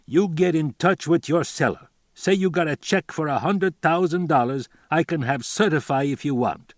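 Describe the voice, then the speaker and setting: A man's voice: on the high side, moderate pace, no room sound, studio quality, voice pushed up, close to an everyday voice. A man voicing an old bearded immigrant buyer who speaks blunt, broken English with a thick foreign accent.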